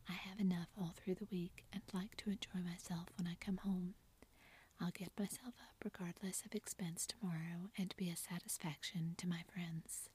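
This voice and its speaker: A woman's voice: lowish voice, fairly even intonation, moderate pace, darkish tone, husky. Woman whispering a teasing young joker, whispered role-play. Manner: whispered, theatrical banter. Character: playful teasing young man, tall joker.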